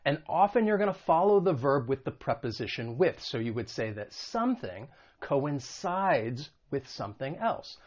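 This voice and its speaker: An American man teaches an online English vocabulary lesson, stressing example words slowly and carefully. His medium-pitched voice swings widely in pitch, and the highs are cut off.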